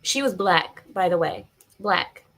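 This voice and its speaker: A woman's voice: on the low side, lively intonation, unhurried, fairly bright tone. Chatty opinionated woman streamer. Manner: chatty, opinionated, reads viewer comments aloud. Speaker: political commentary streamer. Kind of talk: casual live-stream commentary.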